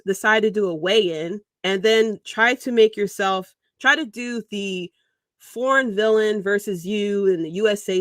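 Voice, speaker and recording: A woman hosts a casual livestream, rambling in an animated way and breaking into little chuckles as she goes. Her voice sits at a middle pitch. The sound is dry and close, with no room echo. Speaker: podcast host.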